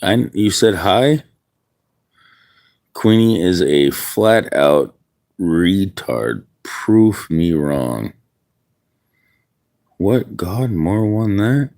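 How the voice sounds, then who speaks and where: A man's voice: low voice, sing-song, very slow, darkish tone. A man streaming outdoors in the wind, musing aloud in rambling casual chat with viewers. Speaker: livestreamer.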